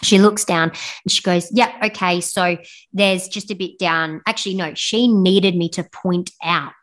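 A young woman, a podcast guest telling her birth story in a frank, animated way with blunt swearing. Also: fairly low pitch, measured pace. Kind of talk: casual storytelling interview.

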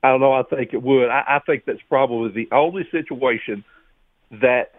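A man from Kentucky calling in to a sports radio show, animated and sarcastic. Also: mid-range voice, normal speed, no room sound. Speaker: caller. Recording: muffled phone-in line.

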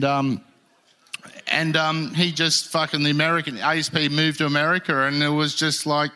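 A man's voice: a little high, sharp tone. A man telling surfing stories in casual chat, heated and swearing. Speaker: podcast guest, former pro surfer.

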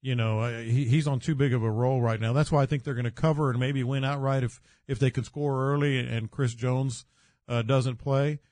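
A man's voice: medium pitch, steady tone, normal speed, a little mellow, no echo. An older man, a sports radio co-host, gives confident predictions and football history, stumbling through fillers as he talks. His voice is close and dry, recorded in a studio. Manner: confident, hesitant fillers, storytelling. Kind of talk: casual sports radio chat.

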